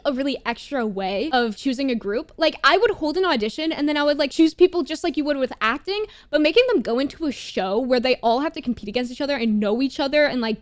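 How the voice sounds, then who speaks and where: A woman's voice: sits high, no echo. A woman giving a casual, blunt commentary on a TV show, swearing often and saying "bro" between lines. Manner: animated, jumps into loud asides. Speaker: YouTuber reviewing a TV show.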